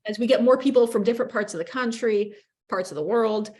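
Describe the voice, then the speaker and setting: A woman radio journalist with an upper Midwestern accent, answering interview questions in a chatty, animated way with quick bursts and self-corrections. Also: on the high side. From upper Midwest of the United States.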